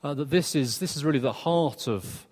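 A man preaching a sermon in a conversational, earnest way, with quick asides and restarts. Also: on the high side, a little mellow, breathy edge. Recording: long reverb of a church hall.

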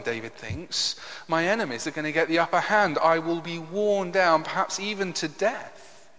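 A man's voice: on the high side, a bit bright. A man preaching a sermon, earnest and emphatic, often asking the listeners rhetorical questions. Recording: long reverb of a hall.

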